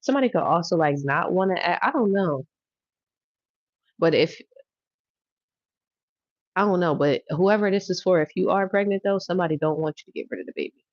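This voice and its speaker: A woman's voice: on the low side, lively intonation, brisk, long pauses, no echo. Laughing, teasing woman reading tarot live. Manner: laughing, drawling, teasing, repeating phrases. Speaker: livestream tarot reader. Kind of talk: casual livestream chat. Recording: dry, dull lo-fi sound.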